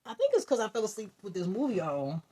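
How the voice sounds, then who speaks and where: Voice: medium pitch, fast, breathy edge. A vlogger casually telling a funny dream, acting out reactions, laughing often and swearing freely. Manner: animated, acts out voices and reactions, laughs often.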